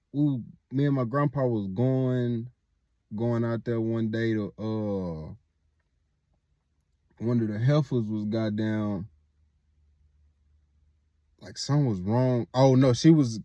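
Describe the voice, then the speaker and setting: Young man, casual rambling storytelling, dark mellow voice, dry close sound. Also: medium pitch, no room sound, highs cut off. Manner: rambling, heavy profanity and filler words.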